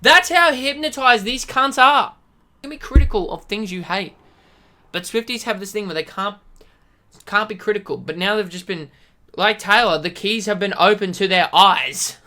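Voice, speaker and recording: Her mid-range voice is bright and forceful as this woman streamer tears into an aggressive, swear-filled rant. Exasperated outbursts punctuate the profane commentary throughout.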